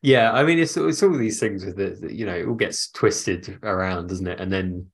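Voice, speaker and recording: Low-voiced man, rambling podcast co-host. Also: breathy edge. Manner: rambling, halting, restarts a lot. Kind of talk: casual podcast chat.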